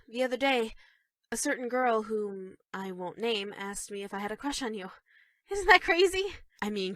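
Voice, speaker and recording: Recorded dry and close with no room sound, a voice actress performs scripted lines for a dating-game character: an obsessive yandere schoolgirl, sweet yet creepy. Her high-pitched voice shifts from shy, stammering bashfulness to sudden, quietly sinister menace.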